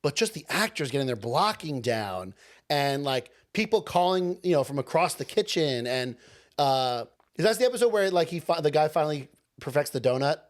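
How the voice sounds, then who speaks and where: A man's voice: fairly high pitch, sing-song, normal speed. A young man co-hosting a podcast in casual chat, teasing his co-host with dry humor.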